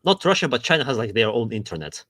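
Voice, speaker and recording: Casting: male podcast co-host, mid-pitched, wry asides, dead-dry studio sound. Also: very animated, fast talker, fairly bright tone, no echo. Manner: reads text aloud with dry asides, laughs often. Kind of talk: casual chat.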